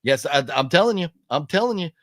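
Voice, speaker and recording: A man hosting a casual live chat, reading out chat messages as he goes, animated and rambling, with many fillers and restarts. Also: fairly high pitch, fast, no room sound, clean studio sound. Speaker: livestream host reading chat.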